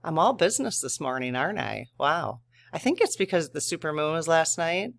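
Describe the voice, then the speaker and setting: A man's voice: on the high side, expressive, a little fast, gravelly, fairly bright tone. A man hosting a spiritual channel, talking casually and earnestly to his viewers, thinking aloud with frequent restarts.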